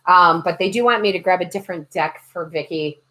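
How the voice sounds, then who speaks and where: A woman's voice: fairly low pitch, fairly quick, pushed and bright. A woman tarot reader and medium chatting on a livestream, joking and reading viewer comments aloud. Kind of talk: casual livestream chat.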